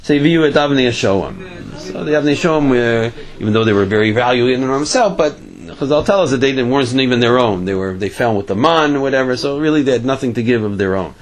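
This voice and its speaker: A man's voice: mid-range voice, quick pace, few pauses, poor audio. Guy telling a parable in a torah class, acts out the characters, lots of uh and restarts. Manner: animated storytelling with voiced characters; frequent fillers and restarts.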